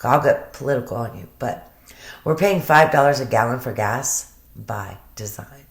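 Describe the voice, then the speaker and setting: A low-voiced woman talking in a chatty, emotional way and swearing now and then. She sounds as if she is in an echoey room at home. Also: expressive, moderate pace, creaky. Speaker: commentator. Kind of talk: casual commentary.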